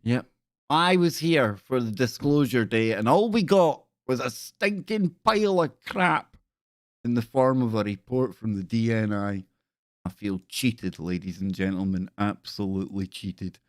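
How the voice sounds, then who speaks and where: A man hosting a relaxed live stream, sounding scornful and rambling as he talks to his viewers. His voice sits at an ordinary pitch and is recorded close and dry, with no room sound. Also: measured pace, no echo. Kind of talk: casual live stream chat.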